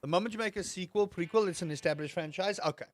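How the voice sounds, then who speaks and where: A young man chats to his live-stream viewers while gaming. His voice sits a little high for a man. He rambles, restarts sentences, repeats words and drops in the odd swear. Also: quick pace.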